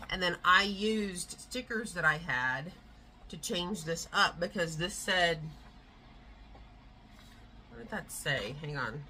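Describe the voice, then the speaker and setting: A woman's voice: fairly low pitch, expressive, slow, long pauses, sharp tone, a little hiss or hum, poor audio. Chatty woman vlogging at home. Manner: rambling, chatty, frequent fillers and yawns. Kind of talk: casual vlog chat. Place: at home, indoors. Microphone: camera on a tripod.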